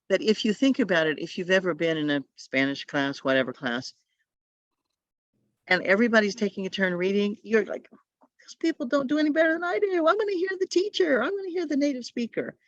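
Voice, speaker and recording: A woman leading a tutor training session over a video call, giving advice in a chatty way with quick asides. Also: sits low, no room sound, highs cut off.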